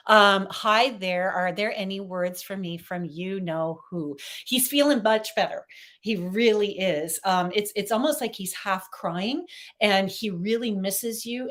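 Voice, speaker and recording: A woman hosting a casual phone livestream, giving psychic readings in a chatty, upbeat way and talking straight to her viewers. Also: mid-range voice.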